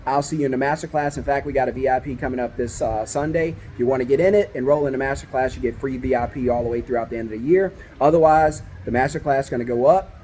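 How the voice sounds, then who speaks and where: A man's voice: mid-range voice, quick pace, few pauses, dark tone, slight background noise. A man giving direct-to-camera business advice as a company owner, emphatic and coaching, repeating his points and checking in with "right?". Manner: emphatic, repeats key phrases and asks "right?" often.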